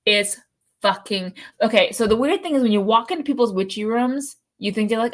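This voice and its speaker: A woman's voice: fairly high pitch, a little fast. A woman co-hosting a live show, chatting casually and telling stories with plenty of swearing. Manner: animated, profane storytelling. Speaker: podcast co-host.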